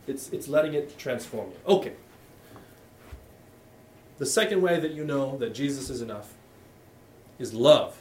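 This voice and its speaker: A man's voice: mid-range voice, animated, moderate pace, long pauses, darkish tone, a little hiss or hum. A middle-aged man preaching a sermon as pastor, talking candidly and conversationally, often restarting his sentences. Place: church hall. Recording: echoey room, voice from a distance.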